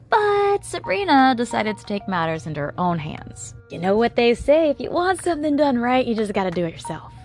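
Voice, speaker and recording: A woman talks through a true crime case in a loose, conversational style, her voice sitting at an ordinary middle pitch. She drops wry, sarcastic asides between the facts. Soft music plays faintly behind her. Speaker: podcast host narrating a true crime case. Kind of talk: casual true crime narration.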